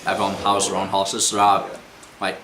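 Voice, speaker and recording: A man runs a tabletop game, reading out scenes and fixing his slips as he goes. His voice is bright and a little low. The room echoes and a faint noise sits behind him. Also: monotone, normal speed. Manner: descriptive narration with small self-corrections. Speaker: game master.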